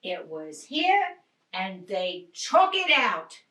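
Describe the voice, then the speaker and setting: An actress playing a frazzled city wife whose home was just robbed, snapping back with sharp, exasperated retorts in a stage play. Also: female voice, medium pitch, big pitch swings, slow pace, full character voice. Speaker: stage actor. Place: theatre stage. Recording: roomy stage sound from a distant mic.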